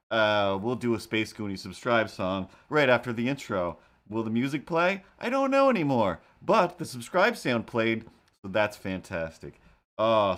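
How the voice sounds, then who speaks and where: A man's voice: fairly low pitch, fairly bright tone. A man hosting a casual live stream, rambling and joking as he talks to his chat.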